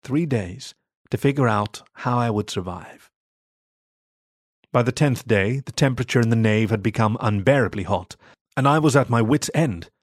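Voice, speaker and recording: A man narrating a first-person story in a steady, measured reading. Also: medium pitch, no room sound, studio quality.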